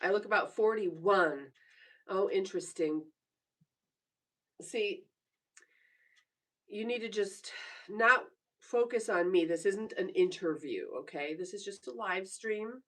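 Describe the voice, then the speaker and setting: A woman's voice: medium pitch, slow pace, pauses often, a bit bright, recorded from a distance. A woman in her forties chatting casually on a live stream from her bedroom, teasing viewers and laughing often as she reads their comments. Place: home bedroom.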